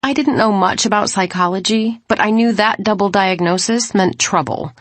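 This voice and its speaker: A woman's voice: mid-range voice, normal speed, no echo. A woman narrating a romance audiobook in the first person, earnest and questioning.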